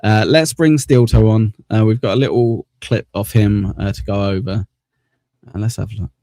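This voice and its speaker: A man's voice: lowish voice, normal speed, mellow, dry recording, studio quality. A man hosting a casual livestream, rambling about online drama, repeating himself and laughing often. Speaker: host.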